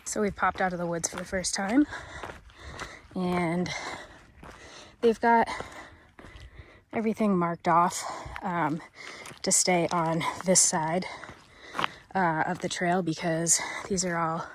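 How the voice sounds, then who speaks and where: A woman hiking vlogger talking casually on a mountain trail, relaxed and unhurried, with plenty of fillers. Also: fairly low pitch, background noise. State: out of breath at times. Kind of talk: casual vlog narration on the trail.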